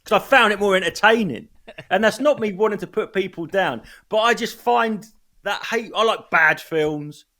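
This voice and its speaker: A man's voice: high voice, normal speed, sharp tone. A male comedian chatting casually, blunt and sweary, telling anecdotes from his gigs. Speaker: stand-up comedian. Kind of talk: casual chat.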